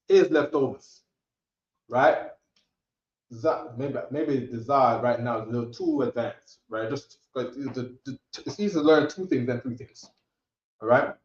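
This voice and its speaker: A man runs a classroom language lesson in a casual, coaxing way. He drills short words out loud and keeps checking that his students follow. The room sounds echoey and the recording is dull and lo-fi. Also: medium pitch. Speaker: Hebrew language teacher.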